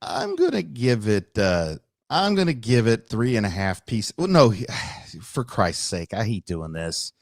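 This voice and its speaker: Man, middle-aged, podcast co-host, wry, lively swooping pitch, dry close sound. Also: measured pace, gravelly, hardly any pauses, no echo. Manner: wry, joking, does silly voices. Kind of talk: casual movie podcast chat.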